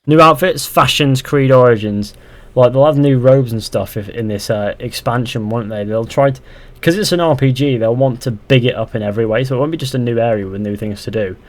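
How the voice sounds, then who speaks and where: A young gaming streamer talks fairly quickly at a medium pitch. He chats casually during a live session, reading comments from viewers and replying with dry, sarcastic humor.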